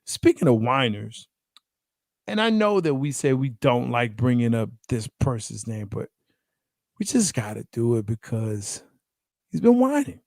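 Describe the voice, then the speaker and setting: A man hosting a casual sports debate show, animated, laughing often and acting out quotes. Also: medium pitch, unhurried, creaky, dry recording, clean studio sound.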